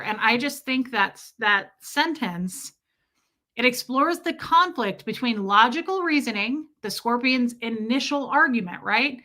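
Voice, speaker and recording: Bright-voiced woman chatting on a live stream. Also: fairly high pitch, lively intonation. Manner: chatty, reflective, slows down to stress phrases. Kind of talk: casual live-stream chat reading viewer comments. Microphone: streaming mic.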